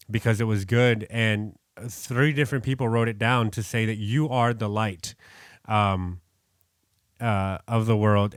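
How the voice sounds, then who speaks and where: A man's voice: lowish voice, no room sound. Earnest rambling man, dry close sound. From New York. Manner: rambling, self-correcting, earnest. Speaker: podcast co-host. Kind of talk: casual Bible study chat.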